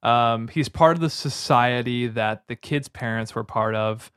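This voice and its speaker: A man's voice: medium pitch, a little slow, fairly bright tone, smooth, no room sound, clean studio sound. A man co-hosting a podcast, casually recapping a film's plot and acting out its lines. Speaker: podcast co-host. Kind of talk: casual movie review chat.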